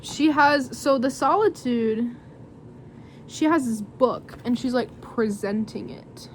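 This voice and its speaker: Young woman tarot reader, casual and giggly, meandering delivery, slightly high voice, light background hiss. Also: slow. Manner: rambling, giggly, filler-heavy. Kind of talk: casual tarot reading to camera.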